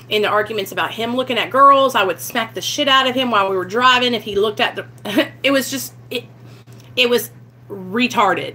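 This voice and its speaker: A woman's voice: mid-range voice, sharp tone, slight background noise. A young woman telling a raw personal story to her camera, blunt and candid, swearing freely. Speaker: vlogger sharing her recovery story.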